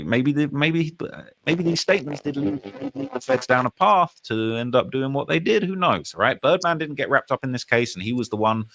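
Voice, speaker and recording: A British man hosting a live stream, commenting casually and emphatically on rap news and reading out chat comments. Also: mid-range voice. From United Kingdom. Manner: animated, emphatic, repeats phrases, reads comments aloud.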